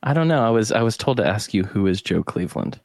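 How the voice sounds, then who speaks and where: A man's voice: on the low side, lively intonation, quick pace, darkish tone, dry recording, clean studio sound. A man hosting a podcast, telling rambling stories with plenty of swearing in casual chat. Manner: rambling, profane storytelling. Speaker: podcast host.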